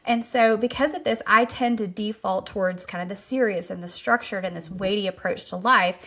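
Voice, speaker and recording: A woman's voice: mid-range voice, brisk, a bit bright. A woman in her forties hosting a podcast, talking in an earnest, self-deprecating way in a casual interview. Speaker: podcast host.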